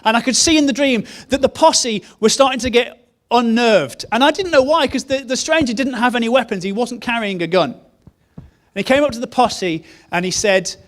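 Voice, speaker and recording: A man preaching a sermon, telling a story in an earnest way and repeating key phrases. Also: extremely high pitch. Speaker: pastor.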